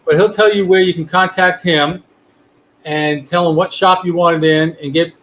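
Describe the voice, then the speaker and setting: A man's voice: on the high side, steady tone, moderate pace, a bit bright, a little hiss or hum, poor audio. Rambling man hosting a cigar chat. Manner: rambling, jumps between topics. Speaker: podcast host. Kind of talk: casual chat.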